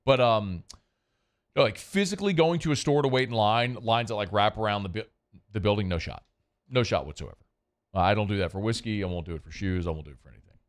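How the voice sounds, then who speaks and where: Guy hosting sports radio, kinda low voice, chatty and loose, quick asides. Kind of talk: casual sports talk and live ad read.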